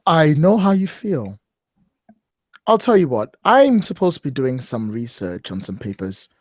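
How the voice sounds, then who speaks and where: A man voicing a kindly, gentle male ship's scholar. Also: on the high side, sing-song, unhurried, no echo, dull audio. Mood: friendly. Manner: gentle, friendly.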